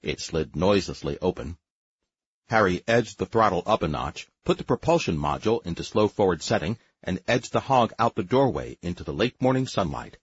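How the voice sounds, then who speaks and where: A man narrating a sci-fi audiobook in a measured, wry storytelling manner. His voice is very deep and husky with a lively, swinging pitch. The recording is dry and dull, with a lo-fi sound. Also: no room sound. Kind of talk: scripted narration.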